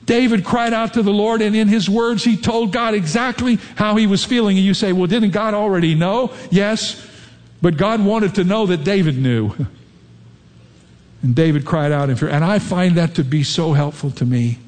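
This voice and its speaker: A man's voice: sits high, moderate pace, a little mellow. A man preaching a sermon as a pastor. He talks earnestly and acts out sample prayers. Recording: long echo of a large hall.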